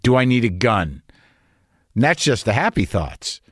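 A man's voice: mid-range voice, sing-song, measured pace, dry recording. Male podcast host, comic monologue, anxious rambling, profane, self-mocking, dry close sound. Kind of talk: comedic monologue and casual chat.

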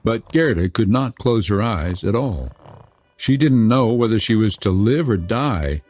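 A man narrating a fairy tale in an expressive, dramatic storybook reading. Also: fairly low pitch, measured pace, no room sound. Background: soft music.

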